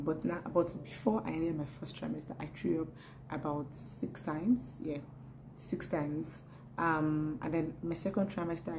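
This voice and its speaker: A young adult woman chatting casually to camera in a vlog, animated and laughing often, repeating words as she talks. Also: low-pitched, a little hiss or hum, poor audio. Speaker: pregnancy vlogger.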